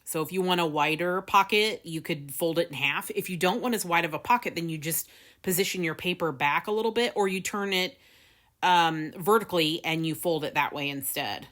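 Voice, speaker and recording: A woman's voice: fairly low pitch, a little fast, a bit bright. Chatty woman hosting a craft tutorial. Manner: chatty, laughs often, many fillers. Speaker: craft video host.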